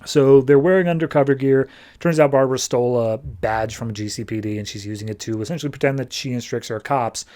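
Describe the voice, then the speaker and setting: A man's voice: mid-range voice, a little fast, darkish tone. A man hosting a podcast, giving a casual, breezy comic book recap full of fillers. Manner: breezy, filler-laden retelling. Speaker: podcast host.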